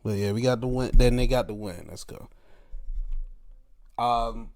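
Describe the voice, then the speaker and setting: A young man giving a casual, animated solo recap, laughing often and acting out quotes in put-on voices. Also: mid-range voice, unhurried, pauses often. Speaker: wrestling review host.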